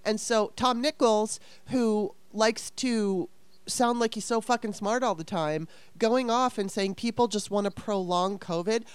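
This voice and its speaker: Woman, heated casual chat, exasperated venting, profanity, smooth clear voice, dry close sound. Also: medium pitch, a little slow, no room sound.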